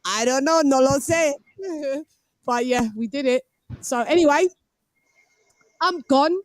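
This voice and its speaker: A woman's voice: high voice, measured pace, no room sound. A woman hosting a casual live boxing call-in stream, playful and giggly, teasing her viewers and dropping in Spanish phrases.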